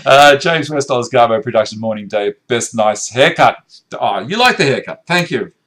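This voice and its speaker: A man's voice: medium pitch, lively intonation, moderate pace, fairly bright tone. Host read: middle-aged Aussie bloke, easygoing and jokey, running through viewer chat in his workshop. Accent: Australian. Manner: reads viewer comments aloud, chatty and joking. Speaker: woodworking live-stream host. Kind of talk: casual live-stream chat. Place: home woodworking workshop.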